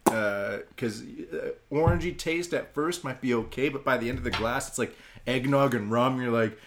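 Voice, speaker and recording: A man co-hosting a podcast, chatting casually and describing beer in a relaxed way. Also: mid-range voice, normal speed, noisy background. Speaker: podcast co-host. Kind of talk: casual drinking chat.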